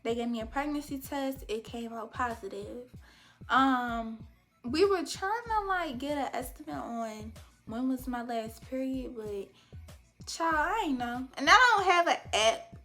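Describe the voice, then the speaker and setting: A young woman recounts a personal story straight to camera. Her voice sits high and sounds bright and crisp. She takes her time, acting out each quoted line in a lively way, with faint music underneath. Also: unhurried. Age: young adult. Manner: chatty, animated storytelling with quoted dialogue. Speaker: vlogger. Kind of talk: storytime vlog.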